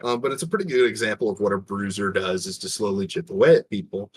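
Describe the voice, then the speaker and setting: A man's voice: lowish voice, fast, a little hiss or hum, low-quality recording. A man casually explaining game tactics, filling his talk with "um" and "right?". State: has the hiccups. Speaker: guest game analyst. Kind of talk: casual gaming chat.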